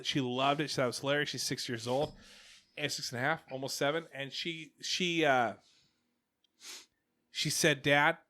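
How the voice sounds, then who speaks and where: A man in his forties hosts a casual podcast over a headset. His voice sits a little high and rings bright and forward. He rambles through stories, stopping and restarting his sentences. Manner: rambling storyteller, many restarts. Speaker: podcast host. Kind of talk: casual chat.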